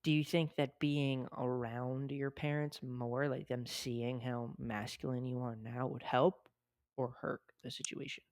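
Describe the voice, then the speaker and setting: A man with a deep voice hosting a podcast in casual chat, talking fast and loose with lots of "like" fillers and swearing freely. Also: little pitch movement, darkish tone, dry recording. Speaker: podcast host.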